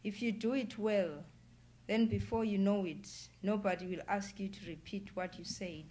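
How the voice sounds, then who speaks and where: A woman author reading her own novel aloud at an indoor public event, in a measured, deliberate way. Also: medium pitch, fairly even intonation, mellow. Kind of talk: literary reading.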